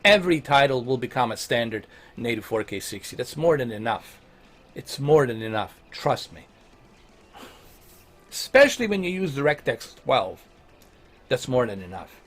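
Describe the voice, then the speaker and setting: A man hosts a casual question-and-answer show, answering viewers in an animated, blunt way. He swears freely and speaks in a mid-range voice close to a desk mic. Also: medium pitch, normal speed, long pauses, faint music behind. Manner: animated, blunt and profane ranting. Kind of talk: casual Q&A on tech and games.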